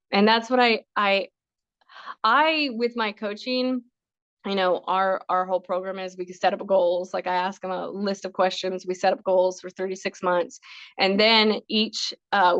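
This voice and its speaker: A middle-aged woman speaks as an interview guest about her coaching, earnest and rambling with plenty of restarts. Her voice sits at an ordinary middle pitch. The recording sounds slightly dull and very dry. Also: a bit bright, no room sound. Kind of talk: casual interview chat.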